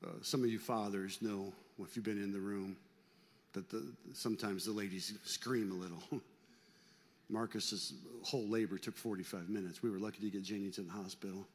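An older man preaching a sermon as a pastor, talking conversationally with folksy joking asides and swinging between loud emphasis and hushed, quiet stretches. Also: fairly low pitch, steady tone, moderate pace. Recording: long reverb of a large hall.

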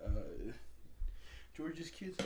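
A man's voice: very slow, a little hiss or hum. A young man telling a family story in casual slangy chat, rambling as he goes.

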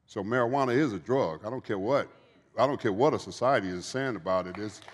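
In a church event hall with long, large-hall reverb, a man in recovery appears as a guest speaker at a Q&A, giving earnest, preachy testimony and often repeating phrases. His voice is on the low side and a little fast, with slight hiss or hum in the recording.

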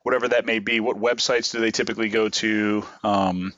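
Low-voiced man in dull, dry podcast audio. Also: level tone, brisk, a bit bright, no room sound. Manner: rambling, explanatory, many restarts. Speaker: podcast co-host. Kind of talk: casual podcast chat.

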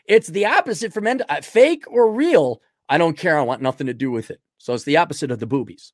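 A man hosting a podcast, reading out donor messages and answering them in blunt, crude, rambling talk that swings from loud outbursts to low muttering. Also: very animated, fast talker, no room sound, clean studio sound. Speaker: podcast host. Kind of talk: livestream donation reading.

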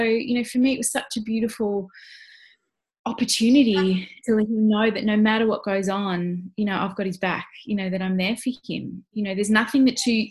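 Woman telling a heartfelt story. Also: medium pitch. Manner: warm, heartfelt, many "you know" fillers and restarts. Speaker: parenting instructor guest. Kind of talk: casual storytelling in an interview.

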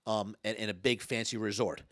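A man, a stage hypnotist and former comedian, telling stories in an interview, talking fast and loud with lots of stammered restarts. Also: fairly low pitch, fairly even intonation, no room sound, studio quality. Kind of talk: storytelling interview talk.

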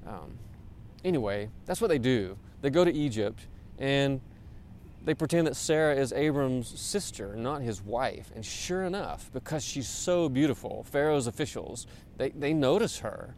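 A male pastor gives a casual, chatty sermon, pausing on fillers and repeating words as he goes. His pitch is medium and his delivery animated, rising and falling a lot. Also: a little hiss or hum.

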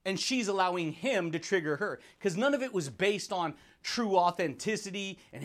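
A man hosting a motivational podcast, talking in an energetic, slangy way and putting on quick voices for the people he quotes. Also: high voice. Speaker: podcast host.

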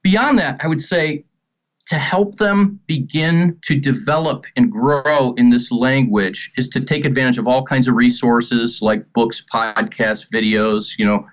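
A man's voice: medium pitch, muffled recording. A middle-aged man in ministry, earnestly teaching and telling stories in a conversational way. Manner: earnest, storytelling, animated quotes. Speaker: ministry leader.

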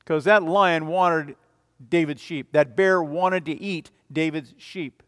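A man preaching a sermon as a pastor, emphatic, swinging between loud declarations and quiet, low passages. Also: slow, big-room sound. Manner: emphatic, rising and falling in volume.

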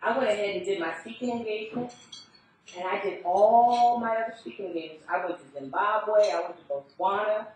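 A woman preacher telling a personal testimony in a lively, storytelling way. She is recorded from far off in a very echoey hall. Faint room noise sits underneath. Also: mid-range voice, fairly quick. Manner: animated storytelling, acting out the people she quotes. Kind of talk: testimony sermon.

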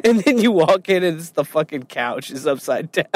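Giggly man with a lively pitch. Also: moderate pace. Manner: laughs often, jokey interjections. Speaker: podcast co-host. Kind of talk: casual chat.

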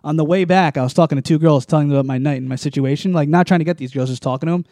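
A man's voice: a little high, very fast, mellow, no echo, studio quality. A young man telling a long story in casual chat, rambling with many likes and restarts.

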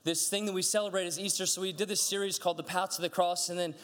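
Male pastor, high voice, casual sermon, animated storytelling, long reverb of a church hall. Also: quick pace. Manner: chatty, animated storytelling with frequent restarts. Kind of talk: conversational sermon.

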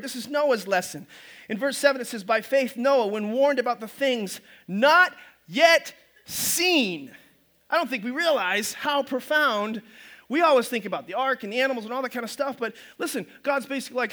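A male pastor with a very high, bright, forceful voice preaches to his congregation. He tells stories in a lively way, acts out the characters' voices and sometimes gets loud. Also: moderate pace. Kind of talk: sermon with storytelling.

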